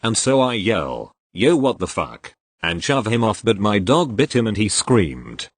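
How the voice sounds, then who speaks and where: Low-pitched guy reading out posts, steady even delivery, dry close sound. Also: measured pace, no echo. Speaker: reader of online posts. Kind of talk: scripted narration.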